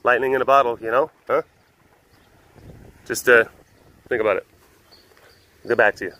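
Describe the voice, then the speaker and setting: A man's voice: mid-range voice, steady tone, normal speed, pushed and bright, dry recording, poor audio. A young man, a big cat keeper hosting a vlog, chatting casually and rambling, sometimes cooing at animals. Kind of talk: casual chat. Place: outdoors at a rural animal facility.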